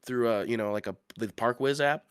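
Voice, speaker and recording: A man's voice: medium pitch, fairly quick, smooth, dry recording, studio quality. A man co-hosting a podcast, telling a story in casual chat, rambling with lots of fillers and restarts. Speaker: podcast co-host.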